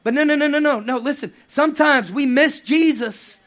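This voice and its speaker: A man preaching a lively sermon with playful asides and acted quotes. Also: very high voice, normal speed. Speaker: pastor.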